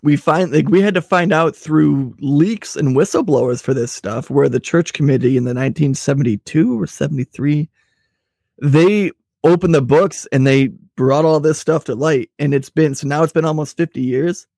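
A man's voice: on the high side, normal speed, vocal fry, darkish tone, no room sound, studio quality. A man co-hosting a casual political chat show, rambling and swearing freely. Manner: rambling, profane, crude. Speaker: podcast co-host.

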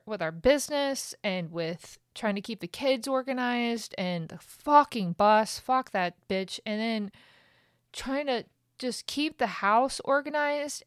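A woman's voice: fairly high pitch, clear, resonant tone, dry recording, studio quality. A woman hosting a podcast, talking candidly and emotionally in a raw, venting monologue that swears freely. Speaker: podcast host.

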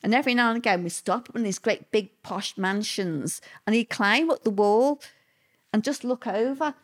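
A woman's voice: a little high, moderate pace. Woman telling a story plainly. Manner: plain-spoken, vivid storytelling. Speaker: interviewee. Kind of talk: personal recollection in an interview.

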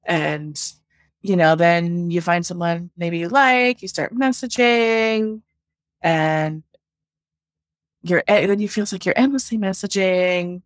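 A woman's voice: on the low side, slow pace, no echo, clean studio sound. A woman working as a love coach, telling her story in a casual interview, chatty and full of "like", acting out her own past thoughts.

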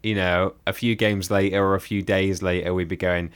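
Deep bloke, dry, explains stuff at length on a podcast. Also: male voice, flat delivery, moderate pace, clear, resonant tone. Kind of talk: casual podcast chat.

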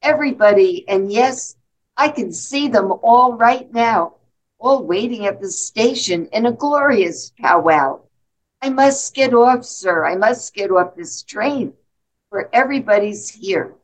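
A woman's voice: a little high, animated, unhurried, rough recording. A woman voicing a sad little girl left alone on a train, reading from a poem, pleading and tearful. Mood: delighted. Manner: tearful, pleading, then delighted.

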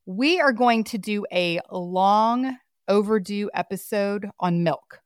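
A woman's voice: mid-range voice, slow pace, smooth, dry recording. A woman hosting a podcast, upbeat and enthusiastic, speaking into a close studio mic. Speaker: podcast host. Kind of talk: lively scripted podcast hosting.

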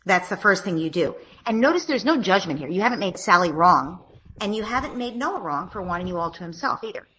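A woman giving parenting advice in a podcast conversation, acting out gentle things a parent would say. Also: fairly low pitch, lively intonation, fairly quick, poor audio. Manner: acts out gentle parent lines in a lilting voice. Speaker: parenting expert guest.

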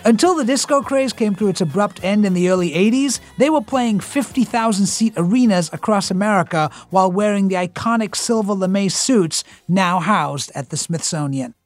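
Higher-voiced male podcast host. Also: normal speed, few pauses, no echo, faint music behind. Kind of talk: scripted narration and interview.

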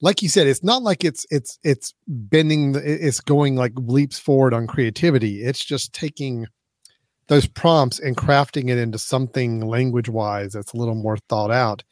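A man's voice: medium pitch, normal speed, darkish tone, dry recording. Rambling male co-host, dry sound. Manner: rambling, many restarts, laughs easily. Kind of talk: casual tech chat.

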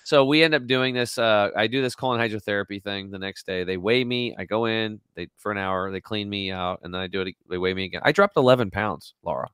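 In clean studio sound with no room ambience, a man in his forties appears as an interview guest, telling a story with lots of energy and acting out what people said. His voice is fairly low, clear, and resonant, and he talks fast with hardly any pauses.

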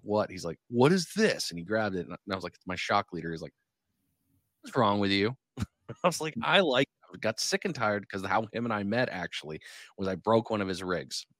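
A man hosts a casual podcast about fishing. His voice sits low and sounds close and dry, with no room around it. He tells stories in an animated way and acts out what others said. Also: no echo. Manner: animated storyteller, acts out quotes. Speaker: podcast host.

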